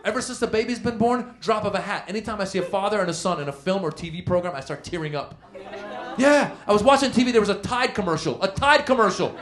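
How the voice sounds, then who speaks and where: High-voiced man doing animated stand-up. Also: quick pace. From Middle East. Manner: animated, jumps into exaggerated voices. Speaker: stand-up comedian. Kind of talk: stand-up comedy set. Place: comedy club stage. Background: audience laughter.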